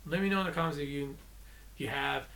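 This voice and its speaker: A man's voice: fast, pushed and bright. Exasperated man ranting about movies. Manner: exasperated, rambling, restarts and self-corrections; mocking quotes in a shrill put-on voice. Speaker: movie vlogger. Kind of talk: casual ranting movie review.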